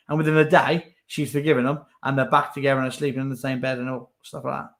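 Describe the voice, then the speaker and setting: A man's voice: medium pitch, flat delivery, very fast, few pauses. A young man, chatting casually as co-host with lots of fillers. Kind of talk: casual chat.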